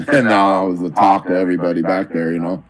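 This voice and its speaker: A man's voice: low-pitched, steady tone, quick pace, a loud crowd. A man co-hosting a casual live stream, telling stories in an easygoing way. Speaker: co-host of a toy live stream.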